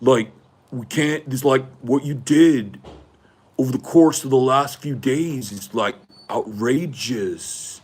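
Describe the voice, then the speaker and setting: A man's voice: medium pitch, slow pace, a little mellow, husky, voice pushed up. A man doing an impression of a privileged young male college athlete who rambles and pads every phrase with "like". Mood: whiny.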